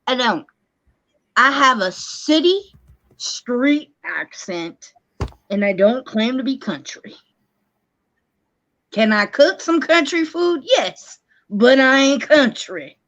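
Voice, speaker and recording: High-pitched woman ranting on a lo-fi stream. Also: slow, pauses often. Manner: animated, exasperated ranting. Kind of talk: casual live-stream chat. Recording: dull lo-fi stream audio.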